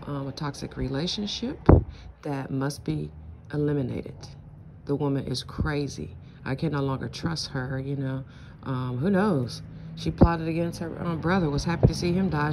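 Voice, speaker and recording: Low-voiced blunt middle-aged woman venting. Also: noisy background. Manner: blunt, profane, rambling. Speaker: vlogger. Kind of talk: casual venting monologue.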